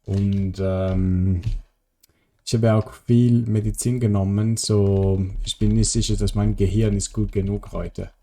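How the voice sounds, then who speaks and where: Mellow-voiced male streamer chatting with chat. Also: on the low side, flat delivery, a little slow. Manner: chatty, rambling, answers viewers' chat. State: tired. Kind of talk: casual live-stream chat while gaming.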